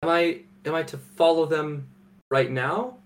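A man's voice: a little high, unhurried. A man playing an interviewer in a comedy sketch, fumbling his questions with many ums. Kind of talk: mock interview.

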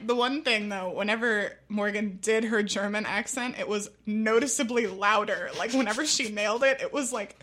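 A woman guest chatting in a studio. Her voice is bright and sits mid-range. She laughs easily and drops quick side remarks. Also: medium pitch. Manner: chatty, laughs a lot, rapid asides. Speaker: podcast guest. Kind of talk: casual chat.

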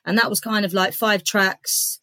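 A woman's voice: mid-range voice, steady tone, normal speed, pushed and bright, no room sound. A woman comedian and writer chatting as a guest, upbeat and talking in long run-on strings. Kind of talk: casual interview chat.

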